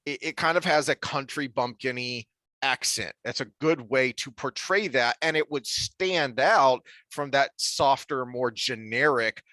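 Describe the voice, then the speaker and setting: A man co-hosting a podcast, talking through a TV series review in an animated, rambling way with frequent restarts. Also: mid-range voice, a little slow, no echo. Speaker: podcast co-host. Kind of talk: casual review discussion.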